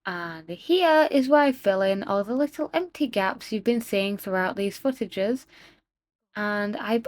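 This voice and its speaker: A woman chatting excitedly in a casual voiceover about her own animation, self-deprecating and talking straight to her viewers. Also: medium pitch, a little slow, dry recording. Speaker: animator narrating her work. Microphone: home voiceover mic.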